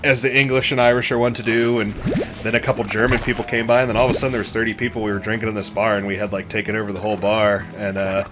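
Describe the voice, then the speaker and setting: Low-voiced man telling a rambling story. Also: level tone, rapid-fire, music in the background. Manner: rambling storyteller, swears casually. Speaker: co-host. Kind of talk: casual gaming podcast chat.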